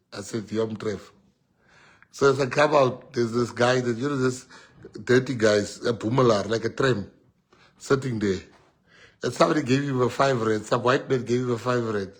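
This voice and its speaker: A man with a South African accent gives an unscripted speech and tells stories as he goes. His voice is husky, slightly breathy, with mid pitch, and he speaks in a loose, conversational way that slips into Afrikaans now and then. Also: normal speed. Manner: animated, laughing anecdotes mixing in Afrikaans. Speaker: politician addressing an audience. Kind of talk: storytelling speech.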